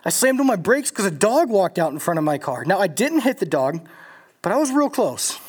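A man's voice: high voice, very animated, a little fast, breathy edge. A young man from Louisiana leading a college group, telling stories in a casual, rambling sermon full of filler words and restarts. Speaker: college ministry leader. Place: in front of a live group.

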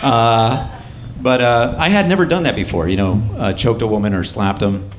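Man, stand-up comedian, wry loose delivery, casual fillers, mid-pitched voice. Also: moderate pace. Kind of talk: stand-up set.

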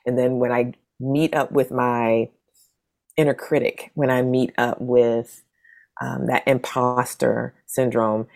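A woman's voice: slow pace, vocal fry. A woman in her forties, a guest in a casual conversation, telling stories and acting out the people she quotes. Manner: animated, acts out quoted voices with big pitch jumps. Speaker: interview guest, zine maker.

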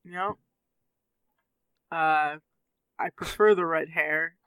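A podcast co-host in casual film-discussion chat, giggling a lot and making short, quick asides. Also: medium pitch, a bit bright, clean tone, no room sound.

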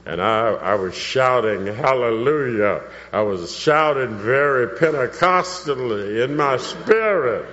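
A man's voice: mid-range voice, expressive, unhurried, few pauses, fairly bright tone. A man preaching a sermon with personal testimony, fervently building to emphatic cries. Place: church hall. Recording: dull, reverberant hall recording.

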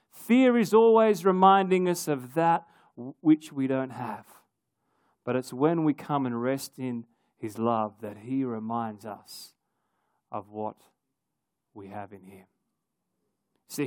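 A man giving a sermon, telling a personal story with wry, animated asides. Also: on the high side, slow pace, no echo, studio quality. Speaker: preacher.

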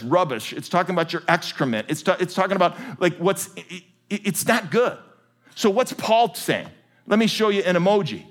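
A man preaching a sermon to a church congregation, animated and jokey. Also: high voice. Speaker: pastor. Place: large church with balcony.

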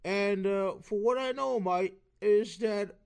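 A man's voice: high-pitched, slow pace, vocal fry, clear, resonant tone, voice pushed up, heavily acted. A man putting on a brash mock-Cockney bloke. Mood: swaggering. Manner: swaggering, repeats "mate", insulting.

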